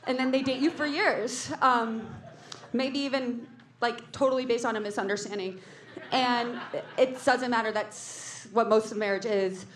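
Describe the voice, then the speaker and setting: A woman in her thirties hosting a comedy club show, her voice sitting high as she rambles through stand-up and keeps cutting herself off mid-thought. It rings out in an echoey club room. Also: fairly even intonation, a little slow. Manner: rambling, self-interrupting, jokey.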